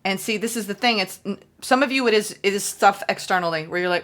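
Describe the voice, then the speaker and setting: A woman giving a solo tarot reading, excitable and gushing, repeating phrases for emphasis. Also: mid-range voice, fast, hardly any pauses. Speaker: tarot reader.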